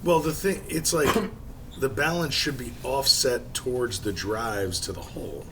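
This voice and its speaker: A man's voice: mid-range voice, background noise. A man co-hosting a casual sports talk show, laid-back and joking. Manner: laid-back, quick to laugh, swears.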